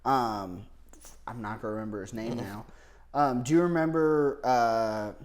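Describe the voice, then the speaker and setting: A man's voice: mid-range voice, moderate pace. Male comedian co-host, jokey and loose, laughs a lot, casual swearing. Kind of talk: casual podcast chat.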